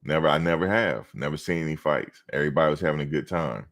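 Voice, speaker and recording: A fast-talking bass voice, creaky with a fairly bright tone, belongs to a reaction streamer. He chats casually on his livestream, spinning loose, rambling stories and addressing chat viewers directly.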